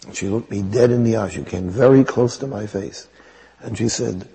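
A priest with a raspy voice, telling a personal story in a sermon in a wry, conversational way. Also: male voice, lowish voice, normal speed, mellow, in a large hall, low-quality recording.

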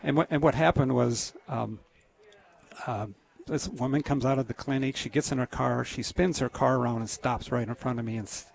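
Gravelly-voiced earnest man. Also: medium pitch, steady tone. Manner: earnest, halting with many restarts. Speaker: radio guest. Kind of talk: casual radio interview.

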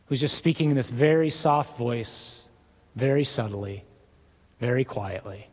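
A man, a priest, preaching a sermon emphatically, with hushed dramatic drops in his voice. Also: on the high side. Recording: echoey hall.

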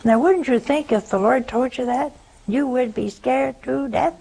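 A woman's voice: a little slow, gravelly, warm tone, breathy edge, poor audio. An older woman with a Southern American accent preaching a sermon, telling a story and asking rhetorical questions. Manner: storytelling, rhetorical questions, pitch swings for emphasis.

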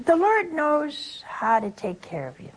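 A woman's voice: high voice, big pitch swings, unhurried, rough recording. An older woman giving a spiritual talk, telling folksy stories and asking rhetorical questions. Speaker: religious speaker.

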